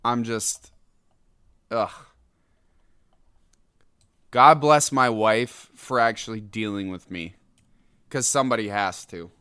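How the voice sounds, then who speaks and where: A young adult man hosting a solo podcast, ranting in an angry, exasperated way with sudden loud outbursts. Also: lowish voice, measured pace, clear, resonant tone, no echo, studio quality. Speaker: podcast host.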